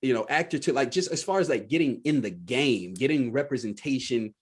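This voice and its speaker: A man's voice: medium pitch, lively intonation, brisk, husky. A man, an actor and coach guest on a podcast, telling his story and laughing often. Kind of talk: casual interview.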